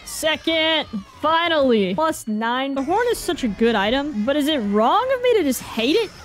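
Excitable high-voiced woman gamer. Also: normal speed, faint music behind. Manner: excitable, groans and cheers at every turn; self-mocking, casual slang and mild swearing. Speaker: gaming video creator. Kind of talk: live gameplay commentary.

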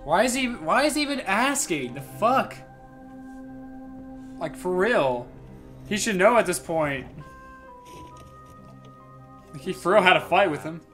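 A man's voice: high voice, big pitch swings, unhurried, long pauses. A man casually reacting to a film for his channel, sarcastic and swearing a lot, with film music behind him. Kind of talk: casual profane reaction commentary. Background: film music playing.

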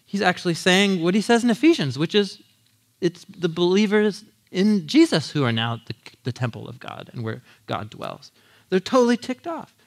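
A man in his thirties preaching a casual, animated sermon, acting out quotes in lively voices and laughing often. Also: high voice, normal speed, creaky. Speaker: pastor teaching a Bible series.

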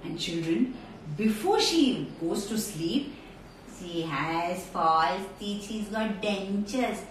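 A woman telling a story to children in an animated, direct way, streamed live from a phone. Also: mid-range voice, takes it slowly. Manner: animated, talks straight to children. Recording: echoey room, far from mic, faint noise.

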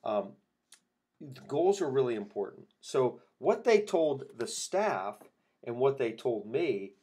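A man's voice: mid-range voice, very animated, slow pace, dark tone, breathy edge. A man hosting a podcast for chiropractors, telling a patient story and acting out both sides of the conversation. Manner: storytelling, quoting patients and himself in dialogue. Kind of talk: casual podcast talk with acted patient quotes.

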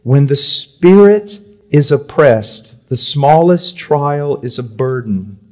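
Guy preaching, kinda high voice, goes loud then real quiet, repeats words over and over. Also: animated, takes it slowly. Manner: swings from loud emphatic reading to quiet confiding tones. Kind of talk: sermon. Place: church or conference hall.

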